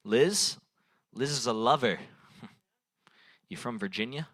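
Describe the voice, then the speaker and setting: On a small bar stage, a young man works the crowd in improvised open-mic stand-up, rambling loosely, swearing, and laughing at his own jokes through a handheld stage mic. His medium-pitched voice is expressive and fairly bright, he takes his time, and there's no echo.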